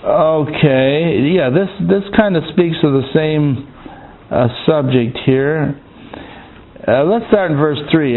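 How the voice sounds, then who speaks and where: A man with a somewhat high voice leads a Bible-study sermon. He stops and restarts often and keeps checking in with "Amen?". The sound is narrow and tinny, like a phone line. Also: lively intonation. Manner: halting, repeats words, calls "Amen?" to the congregation. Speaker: preacher.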